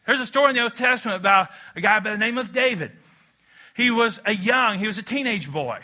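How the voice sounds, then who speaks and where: Bright high-voiced preacher, conversational. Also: male voice, expressive, quick pace. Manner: conversational preaching with audience call-and-response. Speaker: pastor. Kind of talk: sermon. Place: church auditorium.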